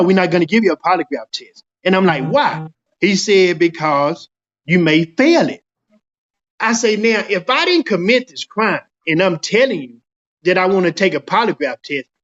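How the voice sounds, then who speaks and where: Recounting his personal story in a relaxed interview, a middle-aged Dallas, Texas man performs the quoted dialogue of everyone involved. His voice is high, and the recording has its highs cut off.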